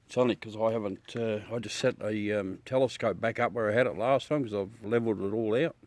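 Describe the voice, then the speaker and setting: A man's voice: lowish voice, fairly quick, a little mellow, no room sound. An Australian man livestreaming outdoors at night, rambling chattily to his viewers through a smartphone. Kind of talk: casual live chat.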